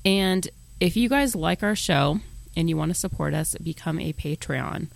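Gravelly-voiced podcast host, casual. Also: male voice, on the high side, normal speed. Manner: joking, plugging the show.

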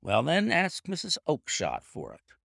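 A man voicing an angry market salesman who shouts and blusters. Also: on the high side, huge pitch swings, a little slow, creaky, no echo, clean studio sound, voice pushed up, full character voice.

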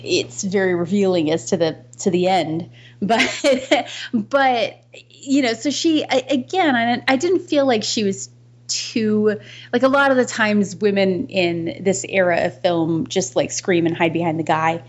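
A woman with a medium-pitched voice co-hosts a podcast, discussing films casually and thoughtfully while restarting her sentences and laughing between points. The highs in the recording are cut off.

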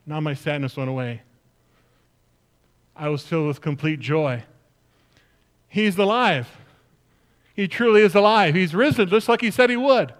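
A man's voice: on the high side, clear, resonant tone, close to an everyday voice. A male pastor preaching in the first person as an earnest woman disciple, telling her story emphatically to the congregation. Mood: joyful. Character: grieving then joyful woman disciple, earnest. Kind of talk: first-person dramatic sermon monologue.

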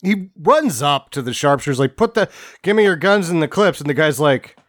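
A man's voice: fairly high pitch, lively intonation, normal speed, dry recording, clean studio sound. A man co-hosting a casual podcast, swearing freely and emphatically as he riffs on a film's plot. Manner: profane, emphatic commentary. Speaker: podcast co-host. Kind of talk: casual movie recap chat.

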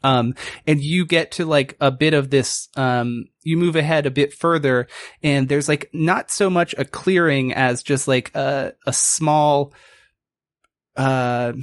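A man's voice: mid-range voice, steady tone, slow, no room sound. A man narrating as game master in a casual, meandering way, full of fillers. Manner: casual, filler-heavy, laughing asides.

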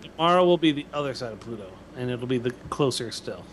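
A man's voice: mid-range voice, expressive, quick pace, noisy background. A man co-hosting a comedy podcast in casual chat, trading short dry quips. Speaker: podcast co-host.

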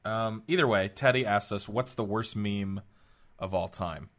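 Low-voiced man rambling on a podcast. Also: measured pace, a bit bright. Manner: rambling, with lots of fillers and mock-stern quotes. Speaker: podcast host. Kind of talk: casual podcast chat.

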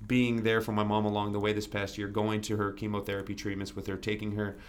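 Brief young man, low-pitched, earnest podcast guest, candid storytelling. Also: completely flat delivery, fast talker, clean tone. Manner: earnest, restarts often, fillers like "you know".

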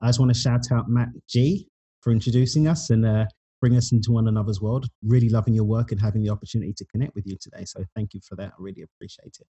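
A man, a guest author, talking in a thoughtful, unhurried way about spiritual ideas, sometimes searching for his words. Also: fairly low pitch, steady tone, dark tone, breathy edge, lo-fi sound. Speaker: podcast guest, author and speaker. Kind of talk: reflective spiritual conversation.

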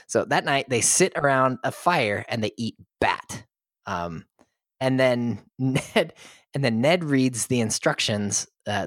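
A man's voice: on the low side, fairly bright tone, no echo, studio quality. Man chuckling through a film recap. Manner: chuckles while retelling. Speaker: podcast co-host.

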